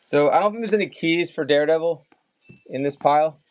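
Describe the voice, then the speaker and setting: A man with a Maryland accent runs a casual live comic sale, chatting, rambling, and rattling off bids quickly. His voice is a little high, and the dull audio has no echo.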